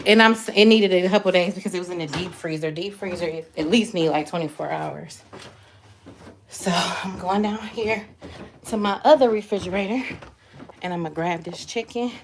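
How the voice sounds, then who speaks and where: A woman chatting casually to her viewers as she cooks in a home kitchen, talking straight to them as y'all. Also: on the low side. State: out of breath. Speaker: vlogger. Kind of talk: casual cook-with-me chat to viewers. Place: home kitchen, running water and frying. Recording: echoey kitchen with faint background noise.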